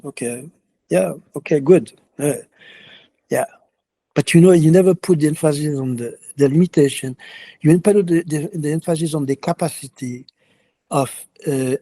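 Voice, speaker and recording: Soft-spoken halting yogi with a mellow voice. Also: male voice, on the high side, breathy edge, no room sound. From France. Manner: halting, many restarts and fillers, earnest. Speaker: yoga teacher. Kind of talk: reflective interview answers.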